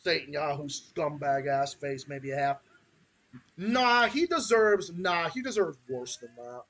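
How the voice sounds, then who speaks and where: A man's voice: fairly high pitch, animated, measured pace, a bit bright. A man from Massachusetts with a Massachusetts accent, hosting a podcast in a heated, profane ranting style. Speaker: podcast host.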